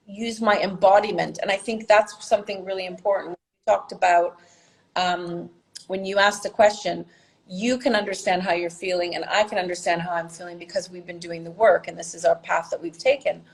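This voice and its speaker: A woman who works as a healer, talking as a podcast guest in an animated, expressive way, laughing often and her pitch jumping up. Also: moderate pace, gravelly, rough recording. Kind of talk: conversational interview.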